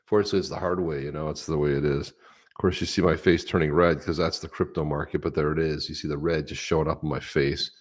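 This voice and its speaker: A laid-back man with a very low voice co-hosts a casual live stream. He reads out viewer comments in a relaxed way and chuckles between them. His talk is easygoing and chatty. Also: fast. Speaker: co-host.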